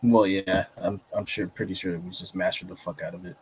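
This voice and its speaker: A man co-hosting a music reaction stream, giving blunt, halting feedback in casual chat. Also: sits low, steady tone, slight background noise. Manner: blunt, hesitant restarts. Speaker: co-host reviewing listener tracks.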